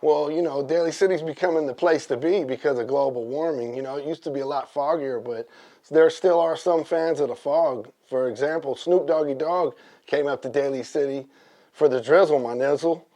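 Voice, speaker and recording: A man guesting on a comedy talk show, telling rambling jokes in a deadpan, drawling way. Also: on the high side, normal speed. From Northern California.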